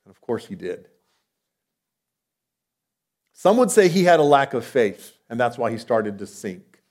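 A male preacher giving a sermon in a conversational way, with rhetorical questions, moving between loud emphatic lines and soft low asides. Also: sing-song, unhurried.

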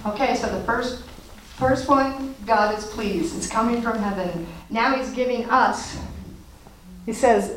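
A woman's voice: fairly high pitch, unhurried. Woman Bible study leader, reads scripture and teaches, echoey room, light background hiss. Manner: reads passages aloud, then explains and quizzes the group. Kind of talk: reading scripture and teaching a group. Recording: roomy echo with faint noise.

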